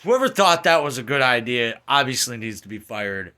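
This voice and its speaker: A man's voice: medium pitch, big pitch swings, normal speed, sharp tone. A man giving an angry, profane rant while reviewing a horror film. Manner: profane, ranting, heated. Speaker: movie reviewer.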